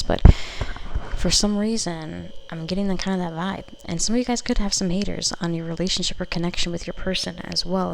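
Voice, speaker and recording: A woman's voice: fairly low pitch, vocal fry, a little hiss or hum, poor audio. A woman giving a casual pick-a-card tarot reading, rambling with fillers and the odd swear word, at home. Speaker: tarot reader. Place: home room. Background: faint mini fridge buzz.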